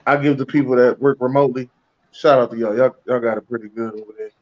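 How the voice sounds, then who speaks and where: A man's voice: mid-range voice, fairly even intonation, fast talker, heavy background noise. A man co-hosting a podcast, ranting and joking with a lot of profanity. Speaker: podcast co-host. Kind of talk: casual podcast chat. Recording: dull lo-fi audio.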